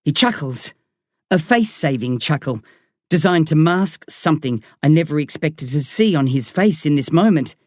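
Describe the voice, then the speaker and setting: A woman reading a first-person story as an audiobook narrator, in a slow, tense, dramatic way. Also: low voice, animated, darkish tone, dry recording, studio quality.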